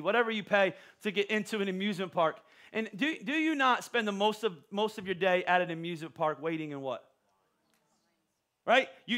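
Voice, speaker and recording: A middle-aged man preaches with an animated, joking energy, tripping over repeated words as he goes. His voice sits high for a man and rings bright and forceful. He sounds like a pastor working a church crowd. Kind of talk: sermon. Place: church auditorium.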